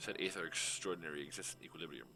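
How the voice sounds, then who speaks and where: A man voicing a small machine that reads a report aloud in a flat, measured way. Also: rumbling low, recorded from a distance, music in the background. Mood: reciting.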